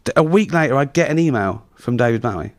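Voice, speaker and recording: Chuckling English comedian telling stories. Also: male voice, mid-range voice, expressive, fast talker, slight background noise. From England. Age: 40s. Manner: rambling, self-interrupting storyteller who laughs at his own jokes. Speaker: comedian guest. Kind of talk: casual anecdotal interview talk.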